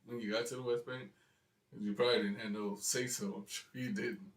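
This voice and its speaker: A man's voice: fairly low pitch, steady tone, a little fast. A man interviewing a guest, prompting with short, casual questions. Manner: short prompts and backchannel replies. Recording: echoey room, far from mic.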